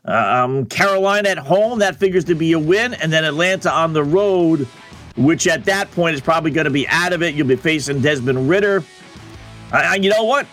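A man's voice: a little high, lively intonation, moderate pace, fairly bright tone, soft background music. A man hosting a sports betting radio show, talking in a wry, conversational monologue full of rhetorical questions.

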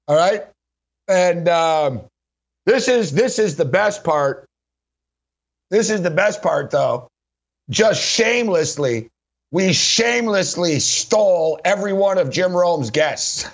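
Male sports radio host, a bit high-pitched, loose and laughing anecdotes, muffled lo-fi recording. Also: animated, slow pace. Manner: rambling, laughing often, heavy use of "like". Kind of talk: casual anecdotal storytelling. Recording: dull lo-fi recording.

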